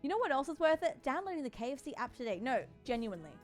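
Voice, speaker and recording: A woman's voice: sits high, very animated, fast, darkish tone, faint music behind. A woman streaming, chatting casually with viewers in a bubbly, playful way. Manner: bubbly and playful, talks to chat. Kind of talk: casual sponsored livestream chat.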